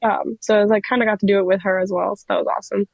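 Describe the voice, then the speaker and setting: A young woman in her twenties, a wrestler telling stories in a casual interview, excitable and giggly with lots of fillers. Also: medium pitch, very fast, vocal fry, no room sound, lo-fi sound. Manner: excitable, giggly, many likes. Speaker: wrestler, guest.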